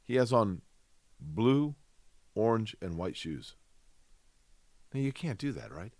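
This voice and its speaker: Guy co-hosting a sports show, playful grumbling, dry studio sound, low-ish voice. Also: big pitch swings, takes it slowly, darkish tone, dry recording. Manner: conversational, rhetorical questions, mock grumbling. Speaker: sports talk show co-host. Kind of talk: casual sports chat.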